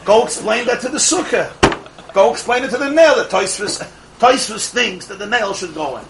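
A man teaching a Torah class to a live group of students, an animated storyteller who fires off rhetorical questions and laughs at his own jokes. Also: high voice, drawn-out words, gravelly, long pauses, very noisy. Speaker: religious teacher.

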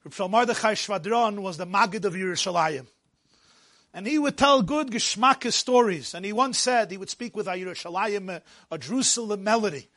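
A man teaching a Torah class, animated and joking, mixing Yiddish and Hebrew words into his English while telling stories. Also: high voice, fairly quick. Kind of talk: lecture with storytelling.

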